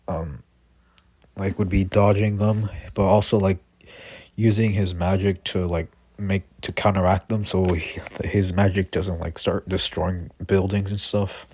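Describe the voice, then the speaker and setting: A man's voice: sits low, darkish tone, no room sound. A man improvising a fan story, rambling with constant fillers and restarts.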